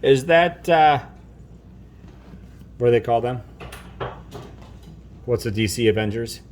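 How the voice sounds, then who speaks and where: A man's voice: medium pitch, expressive, slow pace, a little mellow, a little hiss or hum. A man in his thirties hosting a playful family video at home, jokey and mock-pompous as he introduces toys. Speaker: host.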